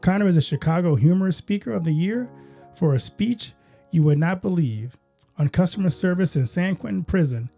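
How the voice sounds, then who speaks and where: Upbeat guy hosting a podcast, high voice that bounces around a lot, soft music under. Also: lively intonation, a little fast, gravelly. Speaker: podcast host. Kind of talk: podcast interview.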